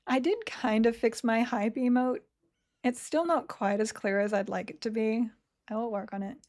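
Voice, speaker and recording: A woman's voice: fairly high pitch, darkish tone. A woman chatting casually with viewers on a live game stream, laughing often and running her words together. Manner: chatty, laughs often, reads chat aloud; talks slowly, words run together. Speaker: streamer playing an online game.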